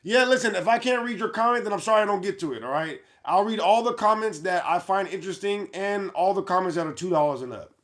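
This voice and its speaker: A man's voice: high voice, quick pace, hardly any pauses, fairly bright tone. A man hosting a livestream, reading chat comments aloud in a brash, mocking way and laughing at his own jokes. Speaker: livestream host.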